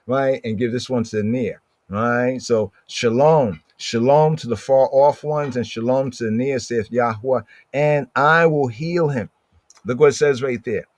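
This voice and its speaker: A man teaching a scripture study, talking conversationally, reading verses aloud slowly and often checking in with "right?". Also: mid-range voice, dry recording. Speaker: Bible teacher.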